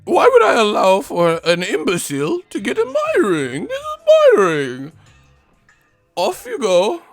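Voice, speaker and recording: A man mocking a snooty rich heavyweight boxer in a pompous, drawn-out voice. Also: wildly swooping pitch, dry recording, faint music behind, full character voice. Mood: haughty. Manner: pompous, drawn-out, shrill outbursts. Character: snooty rich British heavyweight, haughty, scornful.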